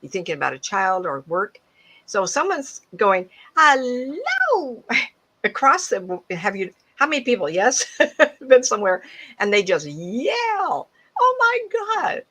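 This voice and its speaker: A woman in her seventies, a psychic medium giving a casual talk to an audience, animated and laughing often as she acts out other people's voices. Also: medium pitch, normal speed, rough recording. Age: 70s.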